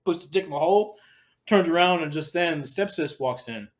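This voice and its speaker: A man's voice: fairly high pitch, a little fast. A man hosting a podcast, casually retelling a scene in a crude, laughing way. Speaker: podcast host.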